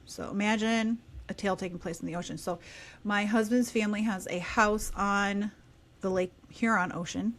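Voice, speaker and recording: Woman, thirties, podcast guest, casual storytelling, animated, quieter asides. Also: mid-range voice, moderate pace.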